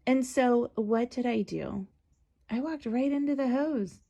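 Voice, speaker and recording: A woman's voice: on the high side, unhurried, gravelly, mellow, highs cut off. A woman hosting a casual solo podcast, telling a story in a chatty, conversational way with many asides, recorded at home on a close mic. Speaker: podcast host and parent advocate.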